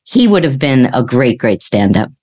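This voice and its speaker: A woman's voice: extremely low pitch, very animated, normal speed, darkish tone. A woman from New York co-hosting a podcast, chatting casually and telling stories. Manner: storytelling, self-correcting. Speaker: podcast co-host. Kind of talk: casual chat.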